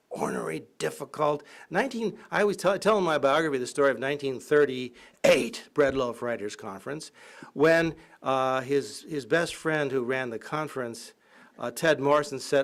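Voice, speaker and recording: Man telling lively anecdotes. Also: medium pitch. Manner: lively anecdotal storytelling, acting out quotes. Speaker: professor and biographer. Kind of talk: public lecture.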